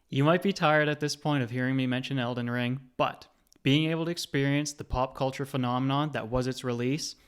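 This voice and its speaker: A man in his thirties, a gaming channel host, narrating a scripted video essay in a conversational, lightly wry way. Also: mid-range voice.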